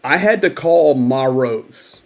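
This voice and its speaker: A man hosting a livestream who tells his account slowly and earnestly. His voice sits at a middle pitch, and he takes his time with his words. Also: animated, gravelly. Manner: slow, earnest storytelling. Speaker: host. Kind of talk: livestream update.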